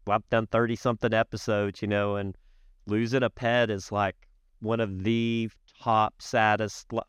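A man hosting an interview podcast, speaking slowly and reassuringly with many fillers. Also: lowish voice, clear, resonant tone, dry recording. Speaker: podcast host. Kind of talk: interview chat.

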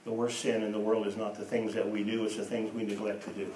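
A man preaching a sermon, telling stories and moving between hushed and emphatic delivery. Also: lowish voice, little pitch movement, quick pace, slight background noise. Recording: echoey room, voice from a distance.

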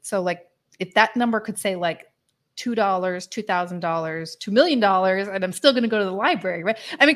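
Woman, podcast chat, mid pitch, enthusiastic, rambling, lots of "like" fillers. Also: fairly bright tone. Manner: chatty and enthusiastic, heavy use of "like" fillers, laughs often. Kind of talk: casual chat.

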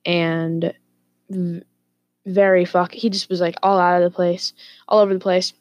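A lower-pitched woman vlogger telling a story in an animated, profane way. She laughs at her own asides. The recording is dry and close. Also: unhurried, dry recording. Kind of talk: casual storytelling to camera.

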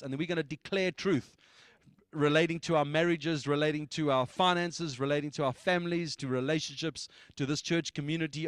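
A man's voice: on the high side, dry recording, studio quality. Emphatic man leading a church meeting. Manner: emphatic, repetitive, conversational preaching. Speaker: church leader. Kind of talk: casual church announcements and exhortation.

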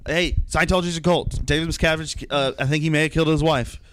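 A man's voice: fairly high pitch, steady tone, quick pace, a bit bright, slight background noise. A young man co-hosting a podcast, chatting casually about movies, swearing freely and talking over his co-host. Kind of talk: casual profane chat.

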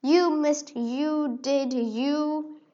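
A woman voicing a haughty male rat king villain in a storybook, loud and blustering. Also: high voice, steady tone, extremely slow, pitched above the performer's own voice. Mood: mocking. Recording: dull lo-fi recording.

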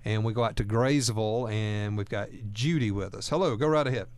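A man's voice: fairly low pitch, fairly quick, clear, resonant tone, no echo. A man hosting a talk radio show, speaking in a folksy, earnest way and often repeating words as he goes. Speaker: radio host.

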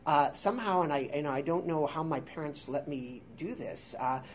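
A man in his forties with a high-pitched voice, a guest improviser telling rambling, self-deprecating stories in a casual interview before a live audience. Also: moderate pace, a little hiss or hum. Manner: rambling, self-deprecating, with filler words and restarts. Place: theater workshop space before a live audience.

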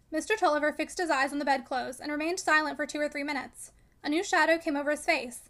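A woman reading a classic novel aloud in steady scripted narration, voicing the dialogue quietly. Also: high voice, fast. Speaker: audiobook reader.

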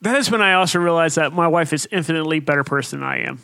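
A man telling a story in casual chat, profane and animated, with shouted outbursts. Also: a little high, rapid-fire, gravelly, no echo. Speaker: podcast co-host.

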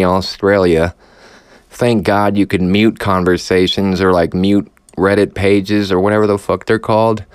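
A man's voice: low voice, clean tone, no room sound, studio quality. A man hosting a podcast, ranting sarcastically with heavy swearing and audible frustration. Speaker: podcast host. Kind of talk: profane rant.

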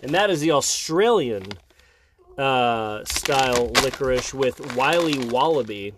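Rambling middle-aged dad chatting. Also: male voice, medium pitch, expressive, a little slow, background noise. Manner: rambling and self-interrupting, with jokey opinions. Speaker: dad co-hosting a snack tasting show with his child. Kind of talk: casual chat.

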